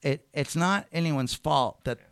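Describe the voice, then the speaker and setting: Gravelly middle-aged man telling a rambling story. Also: fairly high pitch, measured pace, no echo, studio quality. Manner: rambling, animated, swears freely. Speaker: comedian guest. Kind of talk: casual storytelling chat.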